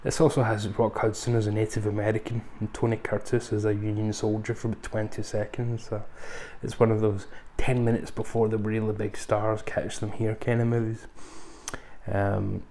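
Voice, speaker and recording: Low gravelly guy rambling thru a casual film review, lots of ums, faint room noise. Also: level tone, moderate pace, dark tone. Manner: rambling, conversational, frequent ums and asides.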